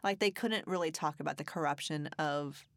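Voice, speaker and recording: Brief: woman podcast co-host, chatty storyteller, lower voice, dry recording. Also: a little fast, no echo. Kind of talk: casual chat.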